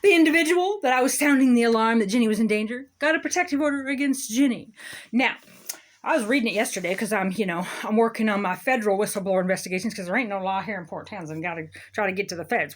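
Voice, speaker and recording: Sarcastic ranting woman. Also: medium pitch. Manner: sarcastic, emphatic, self-mocking. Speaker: local commentator. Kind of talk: ranting monologue.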